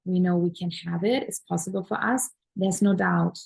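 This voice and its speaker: A woman's voice: on the low side, steady tone, moderate pace, creaky, a little mellow, slightly rough, rough recording. Woman teaching manifestation with gushing enthusiasm. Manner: earnest, repetitive, emphatic affirmations; enthusiastic, gushing about pleasure and gratitude. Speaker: manifestation coach. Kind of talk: spiritual teaching talk.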